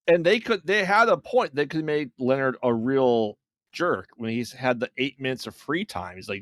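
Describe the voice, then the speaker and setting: A man co-hosts a podcast with a casual film review chat about movies, his mid-range voice expressive and a bit bright at a moderate pace. He laughs often and chimes in with short agreeing replies, and the recording is dry and of studio quality.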